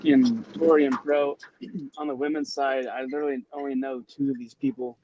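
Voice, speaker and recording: A man on a podcast call giving relaxed predictions with some trash talk, on dull lo-fi audio. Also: medium pitch, moderate pace, slight background noise. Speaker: podcast guest. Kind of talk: casual chat.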